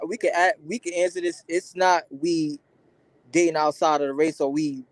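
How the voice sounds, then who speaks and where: A man co-hosting a casual podcast, speaking haltingly with restarts and often trailing into a mumble. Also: fairly high pitch, level tone, slight background noise. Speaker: podcast co-host. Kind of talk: casual banter.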